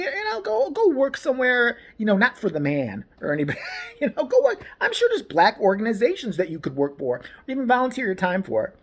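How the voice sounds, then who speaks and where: A woman rants bluntly, with a sarcastic, profane edge. Her voice is husky and breathy, and her pitch swings widely as she talks. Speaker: vlogger. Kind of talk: profane opinion rant.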